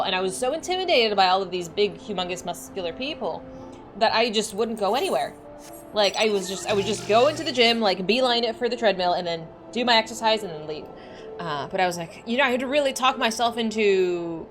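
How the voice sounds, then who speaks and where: A young woman streamer chatting casually and rambling as she plays, full of likes and restarts. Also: mid-range voice. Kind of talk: casual chat while livestreaming a game.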